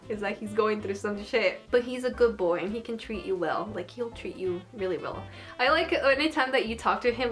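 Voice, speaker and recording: A fairly high-voiced young woman chats in a loose, giggly way, piling on "like" as she gushes. Soft music plays faintly under her voice. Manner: gushing and giggly, lots of "like". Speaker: anime vlogger. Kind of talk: casual chat, ranking characters.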